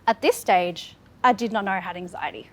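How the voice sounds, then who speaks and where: A woman's voice: mid-range voice, a little fast. A woman in her thirties from Australia gives an earnest, candid speech about her own life, building on repeated phrases. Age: 30s. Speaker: public speaker. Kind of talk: personal storytelling speech.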